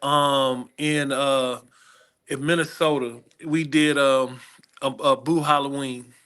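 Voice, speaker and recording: A man's voice: mid-range voice, fairly even intonation, slow, a bit bright, clean tone. A man who is a comedian guest on a podcast, animatedly telling stories and acting out other people's voices over a video call. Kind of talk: podcast interview storytelling.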